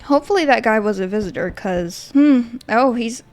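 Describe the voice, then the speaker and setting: A young adult woman giving chatty, excitable let's play commentary, squealing at cute things. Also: fairly high pitch, a little fast, few pauses. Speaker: gaming channel host.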